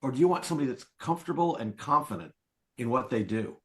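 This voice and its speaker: Animated man, sales coach on a podcast. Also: mid-range voice, quick pace. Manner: animated storyteller acting out quoted lines. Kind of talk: conversational interview.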